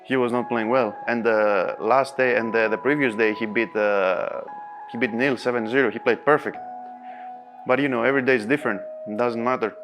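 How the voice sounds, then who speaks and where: In a casual interview, a pool player recounts a match in animated non-native English at a moderate pace, his voice mid-range for a man. He often breaks into laughter as soft music plays faintly underneath.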